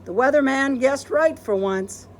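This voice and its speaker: A middle-aged husband cracks dry little jokes in a storybook, voiced by a woman reader. His delivery is teasing and easygoing, with pitch that moves around a lot. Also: expressive, a little slow, slight background noise. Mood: explaining. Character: joking middle-aged husband, Mister Rogers.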